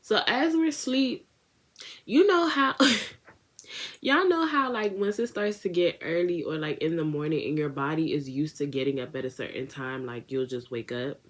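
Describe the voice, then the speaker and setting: A young woman with a low voice tells a storytime tale for her vlog. She talks casually and animatedly, full of slang and asides. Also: moderate pace. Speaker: beauty vlogger.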